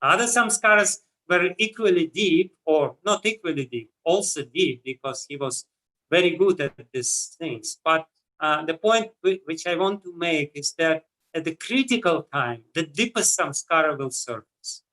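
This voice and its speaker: A man with a Russian accent, giving a scripture lecture in a measured way, with frequent pauses and "uh"s. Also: a little high, animated, sharp tone, poor audio. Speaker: spiritual teacher.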